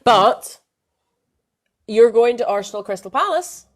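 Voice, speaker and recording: A woman's voice: fairly high pitch, animated, a little slow. A woman co-hosting a casual women's football podcast, chatting with plenty of fillers and restarts. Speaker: podcast co-host.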